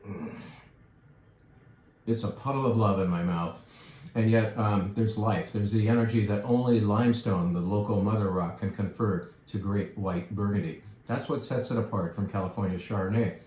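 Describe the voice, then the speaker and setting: A man with a fairly low voice talks about wine casually and enthusiastically, stopping to savor sips with contented murmurs. He sounds like a shop steward presenting his picks. The room around him is echoey. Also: moderate pace, darkish tone. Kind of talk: casual wine tasting talk.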